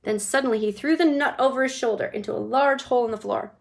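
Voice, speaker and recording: A woman reads a children's book aloud in an expressive storytelling manner. Her voice sits fairly high and she narrates at a steady, engaged pace. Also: fast, vocal fry. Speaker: reader.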